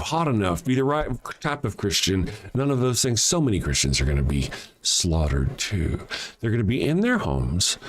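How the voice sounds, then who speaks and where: A man hosting a solo commentary show, talking in a sarcastic, profane, mocking way. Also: lowish voice. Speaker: host.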